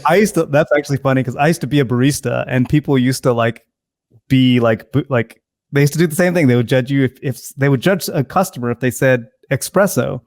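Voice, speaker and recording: A man's voice: mid-range voice, brisk, darkish tone, no room sound, studio quality. A man who laughs easily, a guest in a casual podcast chat.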